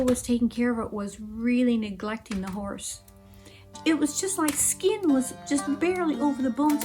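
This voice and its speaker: A woman telling a story in an expressive, animated way, acting out voices and gasps. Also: on the high side, normal speed. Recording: music playing behind.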